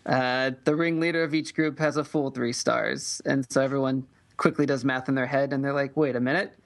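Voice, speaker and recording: A man's voice: medium pitch, normal speed, creaky. A man recapping comics in easy, loose casual chat, full of fillers. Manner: relaxed, loose, many fillers. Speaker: podcast co-host.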